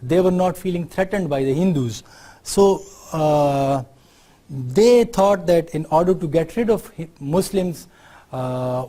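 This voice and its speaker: Pakistani male lecturer, fairly high and warm-toned voice, explanatory delivery that keeps checking in with students. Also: takes it slowly. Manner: explanatory, often adds tag questions to check understanding. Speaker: university lecturer. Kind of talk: university lecture.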